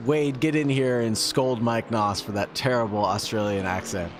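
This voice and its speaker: A man calling live sim racing play-by-play, steady and a little teasing, reading out chat. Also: mid-range voice, normal speed, background noise.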